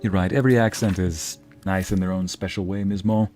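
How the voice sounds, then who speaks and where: Chatty low-voiced male game streamer. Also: fairly even intonation, brisk, darkish tone, soft background music. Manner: chatty, reads and answers chat aloud, drops into Spanish phrases. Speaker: streamer playing a video game. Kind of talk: casual live-stream chat with viewers.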